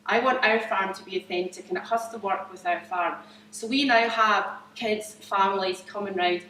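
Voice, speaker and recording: A woman's voice: mid-range voice, steady tone, normal speed, bright, forceful tone, slight background noise. A woman with a Scottish accent, a farmer talking to an audience about her farm business in a chatty, enthusiastic way, with lots of fillers and restarts. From Scotland. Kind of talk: informal presentation to an audience. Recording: roomy hall, mic at a distance.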